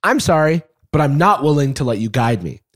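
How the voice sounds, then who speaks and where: A man's voice: fairly high pitch, very animated, fairly quick. A man reading aloud as a stubborn, passive-aggressive male chatbot that insists politely and firmly. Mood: assertive. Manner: polite phrasing with mounting insistence, read aloud. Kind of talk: dramatic reading of a chat log.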